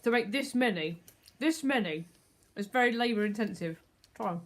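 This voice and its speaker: A woman's voice: medium pitch, lively intonation, moderate pace. Woman, casual home chat, matter-of-fact, chatty, faint clicking noise. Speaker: vlogger's partner.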